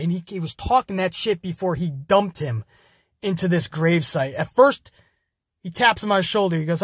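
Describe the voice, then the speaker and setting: A man's voice: high voice, lively intonation, normal speed, a bit bright, breathy edge, no echo, studio quality. A man hosting a podcast, energetically retelling a wrestling show in casual, profane language. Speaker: podcast host.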